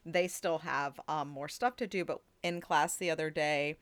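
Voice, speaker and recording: A woman's voice: deep voice, fairly even intonation, normal speed, no echo. A woman co-hosting a podcast, a teacher telling school stories in casual, chatty talk with free swearing. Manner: chatty storytelling, swearing freely. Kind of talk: casual chat.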